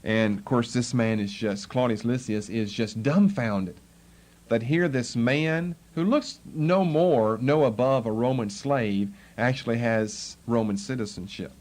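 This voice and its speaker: With a slightly dark tone and a measured pace, a medium-pitched male teacher walks through a Bible passage. He explains it and gives voice to the tone of each speaker he quotes.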